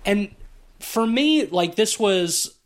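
A man's voice: sits high, slow pace. A man in his thirties co-hosting a podcast, talking casually and profanely about a film. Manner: rambling, animated, profane. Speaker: podcast co-host.

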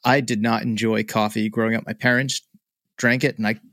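A man hosting a podcast, telling a relaxed story to his guest and reading the show's outro. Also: on the low side, brisk, no echo, clean studio sound. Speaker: podcast host. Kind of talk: conversational podcast interview.

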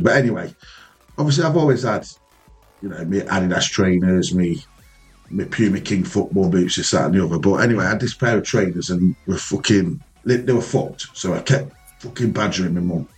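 A man co-hosting a casual podcast, telling an animated, heavily sweary story about his youth. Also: low-pitched. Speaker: podcast co-host.

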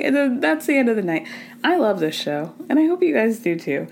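A woman's voice: fairly high pitch, lively intonation, brisk, gravelly, darkish tone, a little hiss or hum. Chatty woman podcast host recapping TV. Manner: chatty, profane, acts out quotes in changing voices. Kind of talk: casual pop culture recap.

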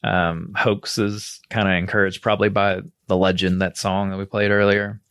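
A man's voice: low voice, level tone, moderate pace, a bit bright, clear, resonant tone, no echo. A man co-hosting a podcast, telling a story in loose casual chat and swearing freely as he laughs along. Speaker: podcast co-host.

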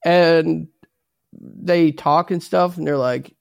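A man's voice: a little high, fairly even intonation, slow pace, creaky, dry recording, studio quality. A man hosting a podcast, retelling an anime episode in casual, profane chat and acting out the lines. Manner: profane, laughing retelling with acted quotes. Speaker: podcast host.

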